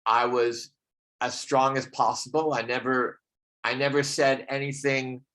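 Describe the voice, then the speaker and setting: A man telling a personal story about healing, in a reflective, halting way with many pauses, over a video call. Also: medium pitch, level tone, a bit bright. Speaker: speaker sharing a healing story.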